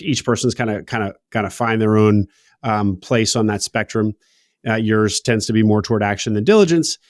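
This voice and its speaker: A man's voice: medium pitch, no room sound, clean studio sound. A man hosting a business interview podcast, asking long rambling questions in an upbeat way. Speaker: podcast host.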